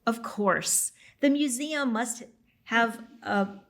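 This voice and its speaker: A woman author reading her own novel aloud at a library event, steady, with the odd slip and apology. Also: fairly high pitch, takes it slowly.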